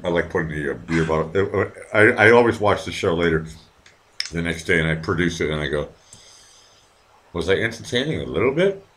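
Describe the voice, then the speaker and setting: A low, fast male voice comes through over background noise. The man hosts his own stream, chatting loosely with viewers, drinking, rambling and swearing often while responding to the chat.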